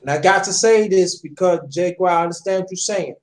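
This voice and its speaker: Hosting a casual chat, a man speaks passionately straight to his listeners and often repeats himself. His voice is high and he talks a little fast.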